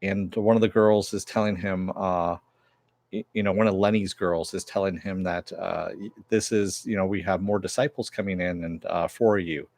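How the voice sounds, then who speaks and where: A man's voice: deep voice, fairly even intonation, normal speed, darkish tone, no room sound. A man casually recapping and reviewing a TV episode, rambling with many fillers as he retells the plot.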